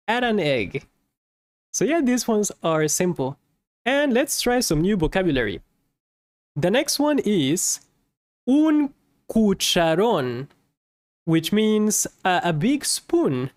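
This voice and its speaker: A Spanish teacher giving a casual language lesson, repeating each word slowly and adding playful asides. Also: medium pitch, dry recording.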